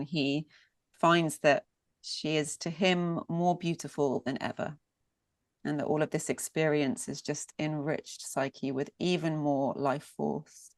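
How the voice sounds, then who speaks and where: Woman storyteller, unhurried and lingering, repeats for emphasis, dry close sound. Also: low voice, no echo. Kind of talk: mythic storytelling.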